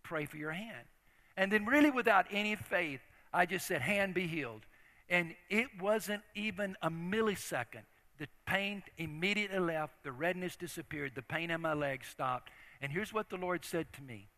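A man's voice: sits high, moderate pace, pushed and bright. An older man preaching a sermon as a story, talking in an earnest, conversational way with frequent restarts. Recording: long reverb of a large hall.

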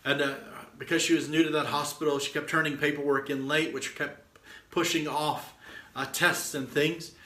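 A man's voice: on the high side, steady tone, normal speed, bright, forceful tone, echoey room. A middle-aged man preaching and telling a testimony in a fervent, exhorting way, often stringing words together with repeated "and"s. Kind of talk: sermon storytelling.

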